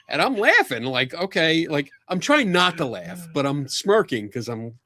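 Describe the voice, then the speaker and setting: A man hosting a podcast, telling a casual anecdote, animated and laughing often, acting out other people's lines. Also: a little high, unhurried, hardly any pauses, no echo. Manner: animated storyteller, laughs often, acts out quotes. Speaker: podcast host.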